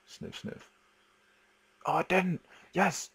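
A young man giving casual, excitable commentary while playing a video game, swearing freely. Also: deep voice, normal speed, husky, poor audio. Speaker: let's play gamer.

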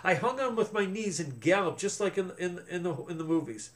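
A man's voice: high-pitched, expressive, a little fast, pitched above the performer's own voice. A man voicing a bold young girl rider who is bossy and teasing. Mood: proud.

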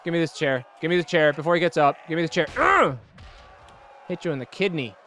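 A young man hosting a gaming video, giving excitable, jokey let's-play commentary and laughing often. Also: a little high, brisk, a faint crowd, slight background noise. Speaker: gaming channel host.

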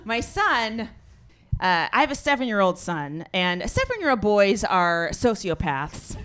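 A middle-aged woman performing a stand-up comedy set, deadpan and punchy, building to loud exasperated outbursts. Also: medium pitch, unhurried. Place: comedy stage before a laughing audience. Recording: live audience laughter throughout.

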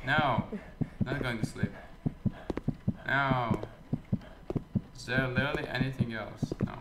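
A man's voice: medium pitch, slow pace, echoey room, very noisy. A man giving sarcastic, joking let's play commentary, swearing as he goes. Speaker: gamer.

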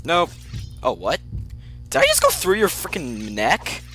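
A young man commentating his own gameplay, muttering to himself and then breaking into excited yelps. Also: fairly high pitch, unhurried, faint music behind. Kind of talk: let's play commentary.

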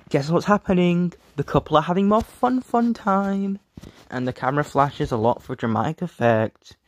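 Man reading a review script in a flat voice. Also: medium pitch, no echo, clean studio sound. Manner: reads flatly from a script, often trails off and restarts. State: sore throat. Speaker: video reviewer.

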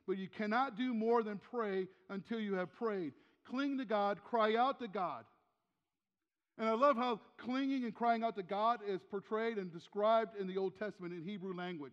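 A man's voice: sits high, normal speed, big-room sound, lo-fi sound. An older man preaching a sermon as pastor in a church, talking in a conversational way, asking rhetorical questions and repeating key phrases. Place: church sanctuary.

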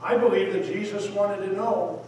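A man, a missionary preacher, giving an impassioned sermon that swings between loud appeals and hushed words. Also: high voice, fairly even intonation, normal speed, a little hiss or hum. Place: church sanctuary. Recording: echoey hall, voice from far off.

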